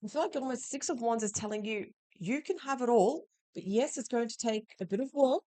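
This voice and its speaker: A woman reads the weekly tarot, speaking directly to the listener in a reassuring way. Her voice is fairly high-pitched and dark in tone, and she talks a little fast.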